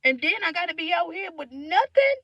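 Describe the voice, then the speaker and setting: A young woman venting in a candid, profane monologue, swinging from loud outbursts to low mutters. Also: big pitch swings, brisk, dry recording, highs cut off. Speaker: vlogger.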